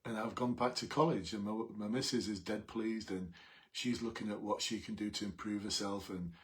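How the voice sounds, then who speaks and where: Man recounting a gruff reformed ex-offender. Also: fairly low pitch, fairly even intonation, normal speed, close to an everyday voice. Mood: rough. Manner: blunt, sweary, rambling.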